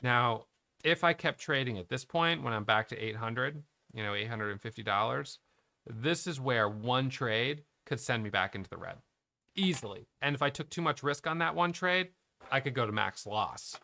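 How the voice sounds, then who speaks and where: Candid trader talking through a bad day. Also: male voice, medium pitch, expressive, moderate pace, vocal fry, bright, forceful tone, no echo. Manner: candid, self-questioning, thinking aloud with restarts. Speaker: day trading educator. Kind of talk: reflective trading recap to camera.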